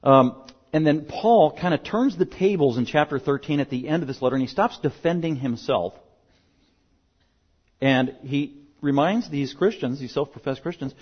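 A man's voice: mid-range voice, normal speed, husky. A male pastor preaching a sermon, emphatic and driving points home through repetition. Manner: emphatic, repeats key words for stress. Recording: dull lo-fi sermon recording.

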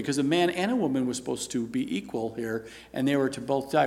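A man's voice: medium pitch, a little fast, creaky, hardly any pauses, a little mellow. A man giving an earnest Bible teaching, asking rhetorical questions and reading scripture aloud.

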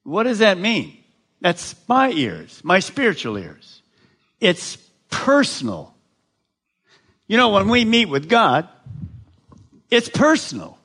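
A male preacher delivering a sermon, unhurried and deliberate. His voice sits a little high and swings widely in pitch as he stresses words. He keeps asking the audience questions and waits for answers. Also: huge pitch swings, pushed and bright, breathy edge. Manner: slow, emphatic, asks the audience questions. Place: large gathering addressed live.

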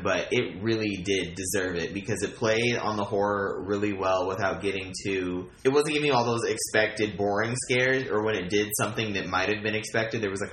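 A young man with a low, bright, forceful voice, tossing out dry one-liners on a casual podcast. His voice rings in a roomy space, with faint noise underneath. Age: young adult. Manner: dry wisecracks, earnest when reviewing. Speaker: podcast co-host. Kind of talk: casual chat.

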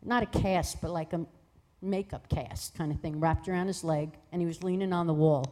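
A woman guest telling a personal testimony in a lively way, acting out the voices of people in her story. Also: on the low side, normal speed. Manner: lively, acts out voices in quoted dialogue.

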